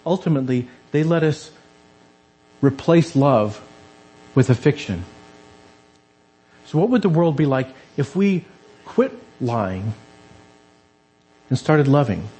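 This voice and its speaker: A man's voice: medium pitch, big pitch swings, takes it slowly, pauses often, dark tone, rough recording. A man preaching a conversational sermon in a church, acting out the quoted voices as he goes.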